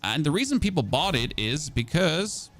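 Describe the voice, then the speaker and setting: With faint music behind him, a German-native streamer speaks at a normal speed in a sing-song, fairly bright voice on the high side. He rambles through casual chat with his viewers, poking fun at himself and restarting often.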